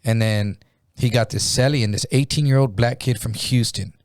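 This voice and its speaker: A man's voice: mid-range voice, normal speed, no echo, studio quality. A middle-aged man telling a slangy, profanity-laced story in a casual podcast chat. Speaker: comedian guest.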